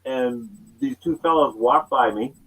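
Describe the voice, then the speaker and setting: A man from Canada, a musician guest on an interview, telling stories in a lively way and acting out what people said. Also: medium pitch, measured pace, slightly rough, poor audio. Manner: animated storyteller who acts out the quotes. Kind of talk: casual storytelling interview.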